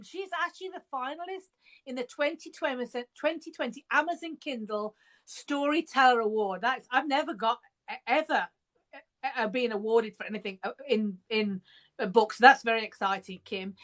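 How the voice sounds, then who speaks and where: A British woman hosting a live interview over a video call, chatty and bubbly, laughing often and sometimes trailing off mid-sentence. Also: high voice. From England. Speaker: podcast host.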